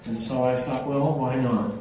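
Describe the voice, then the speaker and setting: An older man giving an unhurried, anecdotal talk to an audience, with many fillers, recorded from afar in a large echoey hall. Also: mid-range voice, fairly even intonation, dark tone, distant mic, a little hiss or hum. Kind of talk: public talk. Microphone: microphone, then unamplified.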